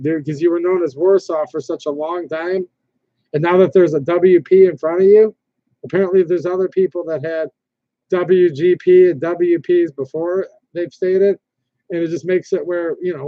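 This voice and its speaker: The man's voice sits a little high, captured in a dry recording with dull lo-fi stream audio. He hosts a laid-back livestream, rambling on, reading out viewers' comments, and restarting himself frequently.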